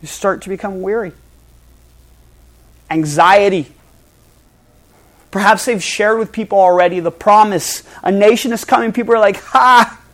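A male pastor preaching a sermon to a congregation, swinging between loud emphasis and hushed, soft passages. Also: high-pitched, moderate pace, pauses often. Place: church hall before a congregation.

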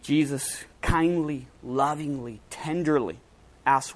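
In a low-quality recording, a preacher with a medium-pitched voice delivers a casual, conversational sermon at a measured pace. He slips into slang and acts out quoted lines by raising his voice.

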